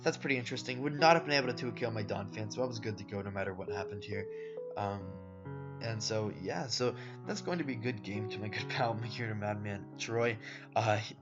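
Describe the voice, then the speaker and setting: A man giving casual voice-over commentary on his own competitive game matches. He rambles in a laid-back way, with lots of fillers, and talks to viewers as "guys" and "boys". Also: on the low side. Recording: dull lo-fi audio with background music. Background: soft guitar background music.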